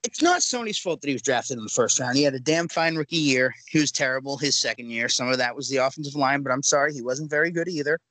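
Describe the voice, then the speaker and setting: A man co-hosting a sports podcast in casual chat, animated and ranting with rhetorical questions. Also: mid-range voice, quick pace, hardly any pauses, no room sound, rough recording. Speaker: podcast co-host.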